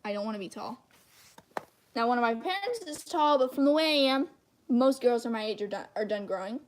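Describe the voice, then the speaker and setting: Chatty high-voiced teen girl. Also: expressive, fairly quick, slight background noise. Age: teens. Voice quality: high-pitched voice. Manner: rambling, chatty, self-deprecating. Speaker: channel host. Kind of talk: casual livestream chat while drawing.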